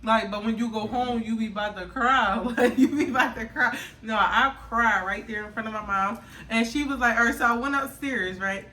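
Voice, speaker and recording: Young woman vlogger, bright and lively, roomy echo, a little off mic. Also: fairly high pitch, normal speed, few pauses. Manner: animated, laughs often, loud acted outbursts. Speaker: vlogger telling her birth story. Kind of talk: casual storytime chat. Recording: echoey room, mic a bit far.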